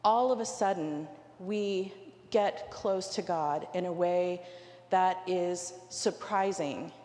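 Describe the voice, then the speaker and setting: A woman's voice: lowish voice, slow, mellow. A woman preaching a sermon in a cathedral. She tells a personal story and acts out the quoted dialogue. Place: large cathedral. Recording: roomy hall with long reverb.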